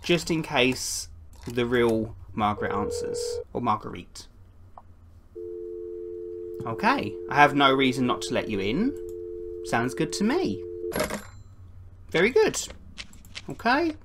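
Lively woman gaming YouTuber. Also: extremely low pitch, slow pace, long pauses, noisy background. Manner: chatty, swaps into put-on voices for visitors. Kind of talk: playful gameplay commentary.

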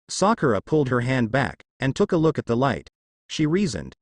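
Male storyteller for fan fiction reading, animated pitch, dry close sound. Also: normal speed, dry recording. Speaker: narrator.

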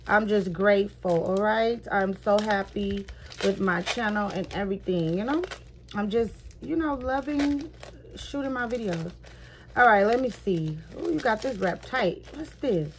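A woman's voice: mid-range voice, unhurried, slight background noise. A middle-aged woman, chatting effusively in a casual haul video and thanking her viewers. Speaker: vlogger.

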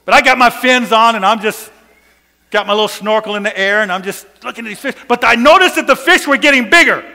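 A man preaching a sermon, telling a personal story with laughs and sudden shouts. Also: very high voice, quick pace, long reverb tail.

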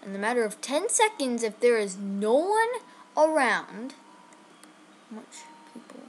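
Woman, high voice, chatty game commentary, talks to viewers, faint keyboard typing behind. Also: a little slow, slight background noise. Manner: chatty, excitable, addresses viewers. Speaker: gaming channel host.

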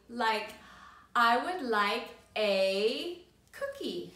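A high, lively woman's voice guides small children through letter sounds, each one drawn out in a slow, sing-song way. Her tone is bright and clear. The room around her gives back a noticeable echo. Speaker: preschool teacher. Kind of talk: phonics lesson for young children.

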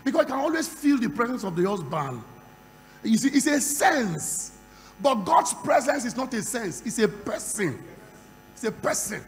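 A man preaching a sermon at a conference, moving from quiet storytelling to loud shouting. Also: very high-pitched, big pitch swings, moderate pace, faint music behind. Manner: acts out dialogue in a conversational storytelling voice. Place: large conference hall. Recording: reverberant hall with faint hum.

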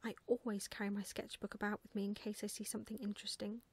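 A woman voicing a gentle young woman in whispered role-play, soft, sweet and kind. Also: medium pitch, level tone, fast, slightly rough.

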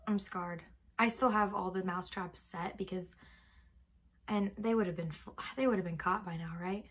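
A woman's voice: medium pitch, normal speed, slightly rough. A young woman vlogger telling a dramatic story casually, full of fillers. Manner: animated, dramatic, many fillers. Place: bedroom.

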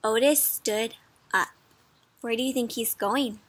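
Bright, high-voiced woman reading aloud. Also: unhurried, no room sound. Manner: gentle, asks the listener questions. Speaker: children's storybook reader. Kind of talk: interactive read-aloud for kids.

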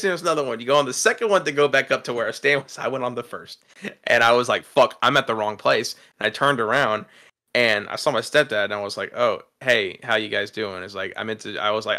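A man's voice: mid-range voice, a little fast, sharp tone, no room sound, studio quality. A young man telling a rambling, profane story to friends on a podcast, laughing at himself. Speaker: podcast host. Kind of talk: casual storytelling chat.

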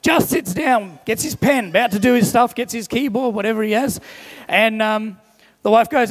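A young man delivers a sermon at normal speed, sharing everyday stories and briefly imitating the voices of the people in them. His voice is high for a man, and because he was recorded in a large church hall, a long echo follows his words.

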